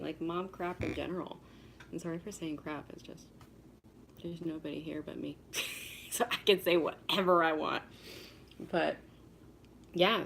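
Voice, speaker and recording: A woman hosting a casual live-stream chat at home alone, a rambling storyteller who keeps breaking into giggles. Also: on the low side.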